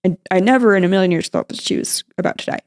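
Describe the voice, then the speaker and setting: A young woman guest on a podcast, recounting her mother's hospital visit in a halting, emotional way, with many fillers and restarts. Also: mid-range voice, darkish tone. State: emotional, near tears at times. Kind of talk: emotional personal storytelling.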